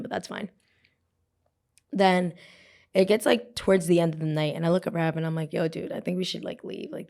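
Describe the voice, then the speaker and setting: A woman's voice: fairly low pitch, vocal fry. A young woman hosting a podcast, casually telling a story and acting out the people in it. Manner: animated, acts out quotes with a put-on voice. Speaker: podcast host. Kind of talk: storytelling chat.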